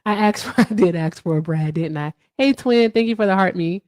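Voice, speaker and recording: A woman hosting a casual livestream, chatting to viewers in the comments with lively, profane talk. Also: mid-range voice, a little fast, no room sound. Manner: animated, swears freely, talks to viewers in chat. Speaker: livestream host.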